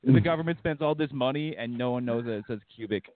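A Canadian man co-hosts a casual podcast in a mid-range voice at a quick pace, with a dry, phone-like recording. He jokes, swears, and laughs while reading headlines aloud.

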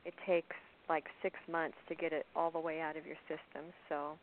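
A woman calling in to a poetry radio show, speaking softly, slowly and deliberately. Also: deep voice, level tone. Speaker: caller and poet. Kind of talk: phone-in conversation. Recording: tinny phone line with faint hiss.

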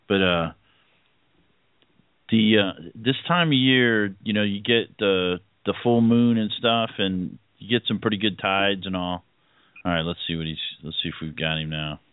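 A man's voice: lowish voice, unhurried, pauses often, clean tone, no room sound. A man hosting a casual radio chat, easygoing and rambling, with many fillers and chuckles. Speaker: host. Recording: tinny phone-like line.

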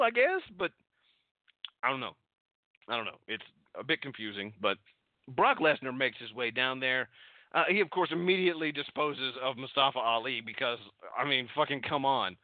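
A man recaps a wrestling show in a loose, rambling way, full of sarcasm and casual swearing. His pitch swings widely as he talks. The audio is dry and narrow, like a phone line. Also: dry recording. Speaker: podcast host recapping wrestling.

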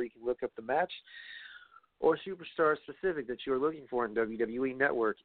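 A man's voice: mid-range voice, no echo. A young man hosting a casual wrestling podcast, rambling and profane with playful asides. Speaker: podcast host. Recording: tinny phone-like sound, dry.

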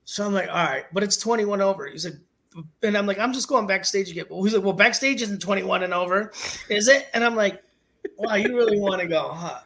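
Guesting on an interview show, a music manager in his forties shares stories at a brisk clip in a high-sitting voice, keeping things casual and animated and laughing frequently.

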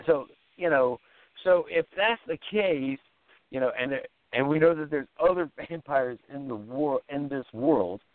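A man's voice: medium pitch, measured pace, no echo. A man co-hosting a casual horror film podcast, jumping in with questions and swearing casually. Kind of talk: casual film-review chat. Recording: dry tinny phone-like line.

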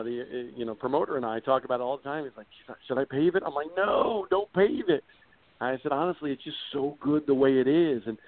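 A man's voice: mid-range voice, dry recording. A middle-aged man, a motorsports broadcaster, answering interview questions in an eager, rambling way with many restarts. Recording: tinny phone-like audio.

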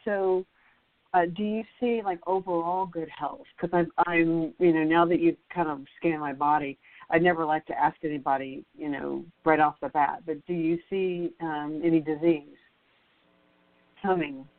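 A woman's voice: sits low, steady tone. A woman calling in for a reading, talking hesitantly in casual chat with many fillers. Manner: hesitant, halting, lots of fillers. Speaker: caller getting a reading. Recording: tinny phone line.

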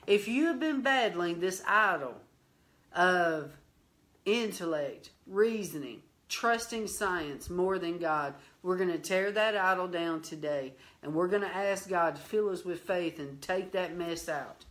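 A woman hosting a Christian teaching show, telling a lively testimony, acting out the dialogue and breaking into prayer and praise. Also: lowish voice, a little slow. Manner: lively storyteller, acts out dialogue, bursts into praise.

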